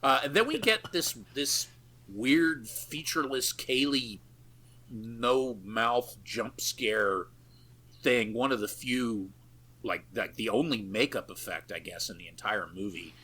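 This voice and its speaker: A man's voice: mid-range voice, slow pace, bright, forceful tone, slightly rough. A man co-hosting a podcast, recapping a film in a loose, profane way with lots of fillers and easy laughs. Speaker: podcast co-host. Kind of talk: casual chat recapping a film.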